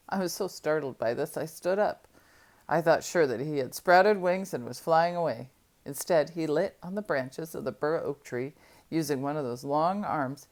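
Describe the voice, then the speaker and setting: A woman reading a novel aloud, telling it in a steady first-person storytelling manner. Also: deep voice. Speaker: audiobook reader.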